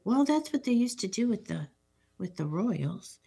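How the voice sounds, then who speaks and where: A woman's voice: medium pitch, sing-song, normal speed, gravelly, warm tone, husky. A woman co-hosting a casual chat, narrating a film's plot scene by scene with dry asides. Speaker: podcast co-host. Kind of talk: casual chat recapping a film.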